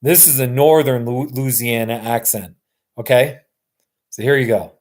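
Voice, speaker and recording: A man's voice: mid-range voice, measured pace, a little mellow. A man hosting a casual live stream, rambling and answering viewers' comments. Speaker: livestream host. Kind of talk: casual livestream chat.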